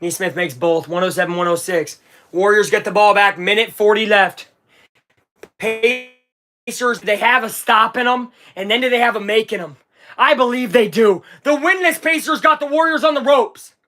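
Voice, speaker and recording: A live streamer calling a basketball game as an excitable fan, swinging from low muttering to shouting and swearing. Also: normal speed. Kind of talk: live fan watch-along commentary.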